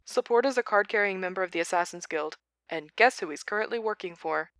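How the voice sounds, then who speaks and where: A woman voices a careful, apologetic young man who talks in a slightly raised, hesitant way. The tone is bright and dry, close to the mic. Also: medium pitch, a little fast, no echo, lightly acted. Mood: matter-of-fact. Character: anxious, apologetic young man, a loyal helper.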